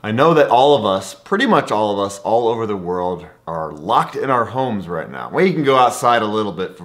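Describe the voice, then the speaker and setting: A man's voice: on the low side, a bit bright. Enthusiastic man telling a travel story. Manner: enthusiastic, conversational. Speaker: travel vlogger. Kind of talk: storytelling to camera.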